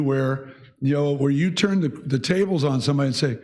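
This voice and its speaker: A man's voice: mid-range voice, brisk, a little mellow. A man teaching a church Bible class, talking conversationally and asking the group questions. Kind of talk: leading a church class discussion.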